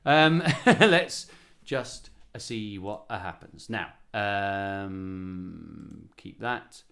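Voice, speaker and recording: A man's voice: deep voice, expressive, extremely slow, creaky, bright, forceful tone. A man, a musician, hosting a casual livestream and chatting playfully between songs with a self-mocking humor. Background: guitar.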